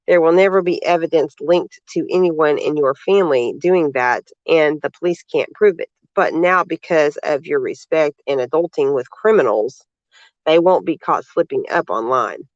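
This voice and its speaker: A man's voice: a little high, normal speed, no room sound, highs cut off. A man reading social media posts aloud and commenting on them in a sarcastic, indignant manner. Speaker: vlogger.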